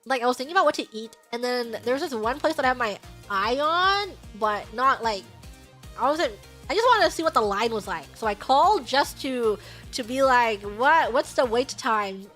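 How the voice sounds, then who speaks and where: High, bright, animated woman streamer. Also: moderate pace, soft background music. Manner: animated, exasperated storytelling with shouted outbursts. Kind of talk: casual stream chat, storytelling.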